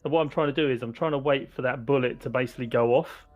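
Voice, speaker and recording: A man's voice: medium pitch, fairly even intonation, fast, darkish tone, highs cut off. A man playing a tabletop game, rambling and restarting as he plans his moves aloud. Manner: rambling, restarting sentences while planning aloud. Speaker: player. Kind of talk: tabletop role-play chat. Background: faint background music.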